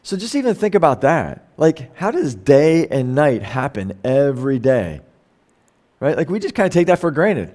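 A middle-aged man delivers a sermon in an easy, conversational way. His voice sits a little high, and he keeps asking the listeners rhetorical questions. He reads scripture aloud and corrects himself as he goes. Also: sing-song, normal speed, darkish tone. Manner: conversational, asks rhetorical questions, self-corrects while reading. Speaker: pastor. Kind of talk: sermon reading and explaining scripture.

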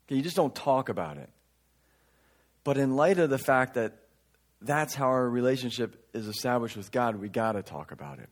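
A man preaching a conversational sermon, reading scripture and breaking into casual asides, swinging between loud emphatic lines and quiet remarks. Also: medium pitch, animated, moderate pace. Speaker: pastor.

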